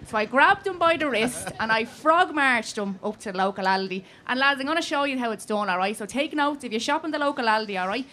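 High-voiced Dublin woman telling a comic story. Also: lively intonation, quick pace, few pauses, pushed and bright. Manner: punchy storytelling, tags lines with "right?". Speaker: comedian guest. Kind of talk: comic monologue on live radio.

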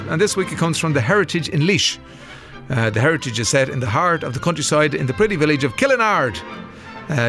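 A man with an Irish accent hosting a radio show, chatting casually and reading out listener messages with frequent "uh"s. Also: a little high. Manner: chatty, laughs easily, with frequent filler "uh"s. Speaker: radio host. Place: radio studio. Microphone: studio microphone.

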